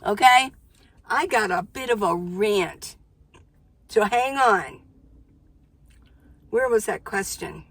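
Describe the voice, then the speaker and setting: Sitting in her minivan, an older van-life vlogger talks casually to her viewers in a husky, mid-range voice that's animated yet slow, with long pauses and no echo. Chatty and full of exclamations, she frequently interrupts herself partway through an idea and begins it anew.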